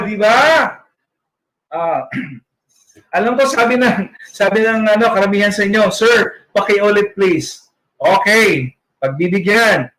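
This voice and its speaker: High-voiced, slow-talking Filipino man teaching. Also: fairly bright tone, rough recording. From Philippines. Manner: exaggerated articulation, playful and joking. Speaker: literacy trainer. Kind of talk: online training lecture.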